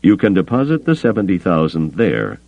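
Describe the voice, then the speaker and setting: A man's voice: sits low, wildly swooping pitch, moderate pace, creaky, highs cut off, exaggerated voice. A man voicing a mercenary male smuggler captain who talks in a cool, curt, dry way.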